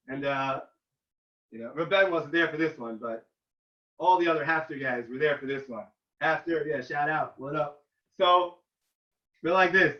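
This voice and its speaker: A man, a rabbi, giving an informal talk to yeshiva students and telling animated stories in which he loudly acts out the quoted lines. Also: fairly high pitch. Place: room at a yeshiva. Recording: roomy, distant and dull.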